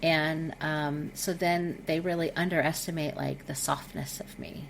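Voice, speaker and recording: A middle-aged woman speaking as a podcast guest over a video call, candid and expressive, with frequent fillers. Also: low-pitched, measured pace, creaky, a little hiss or hum. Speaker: guest, intimacy coach. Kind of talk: casual podcast conversation.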